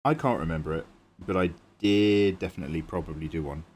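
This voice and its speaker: A British man streams himself drawing, bantering casually and joking with his audience while thanking viewers by name. He speaks fairly quickly in a low, darkish voice with a breathy edge.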